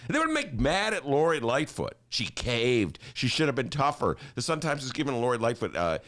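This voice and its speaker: A man's voice: medium pitch, big pitch swings, brisk, fairly bright tone. An older man from Chicago hosting a talk show, ranting theatrically and laughing as he talks. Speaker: host.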